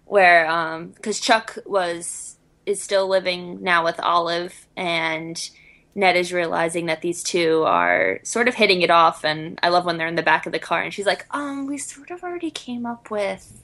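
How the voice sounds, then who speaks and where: A woman's voice: on the low side, a little slow, fairly bright tone. A woman hosting a podcast in casual chat, enthusiastic and laughing often. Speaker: podcast co-host.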